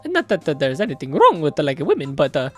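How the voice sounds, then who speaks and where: A man's voice: on the high side, huge pitch swings, brisk, soft background music. A man voicing a nervous young delivery boy in a video game, stammering and hesitant. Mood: flustered. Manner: stammering, hesitant, lots of uhs.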